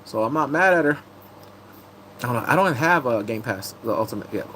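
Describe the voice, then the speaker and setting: A man's voice: mid-range voice, animated, brisk, sharp tone, slight background noise, poor audio. A man chatting casually on a live stream, muttering asides to himself as he reads entertainment and gaming news aloud.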